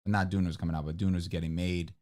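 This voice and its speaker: A young man co-hosts a livestream from a home setup, chatting casually at a quick pace. He rambles with many fillers and restarts, and his voice jumps high when he gets excited.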